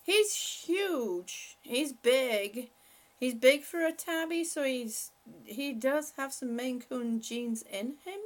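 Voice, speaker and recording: A high-voiced, animated woman speaks slowly while hosting an informal live chat from home. She rambles along, laughing often and turning to talk to her pets.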